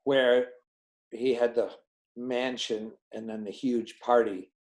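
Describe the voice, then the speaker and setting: A film director being interviewed, telling behind-the-scenes stories and acting out the dialogue of the people in them. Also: male voice, mid-range voice, takes it slowly, low-quality recording. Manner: animated, acts out dialogue in quoted voices. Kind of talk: anecdotal storytelling in an interview.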